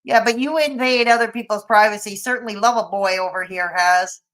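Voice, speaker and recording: A woman's voice: medium pitch, fairly quick, fairly bright tone, poor audio. A woman hosting a reaction commentary, talking in a sarcastic, scolding way.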